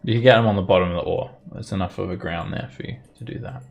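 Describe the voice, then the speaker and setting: A man running a tabletop role-playing game, explaining rules in a relaxed way and chuckling often. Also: sits low, fast, creaky, dull audio. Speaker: dungeon master.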